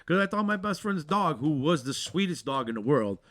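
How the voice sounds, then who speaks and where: A podcast host with a slightly high voice speaks a little fast as he tells a wild story. The chat is casual and profane, and he's animated, constantly saying "dude."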